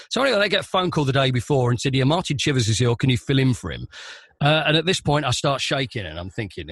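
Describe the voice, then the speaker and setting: A man, a stadium announcer, telling a long anecdote on a podcast in a lively, animated way, acting out the voices in his story. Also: mid-range voice, fast talker, no room sound, studio quality.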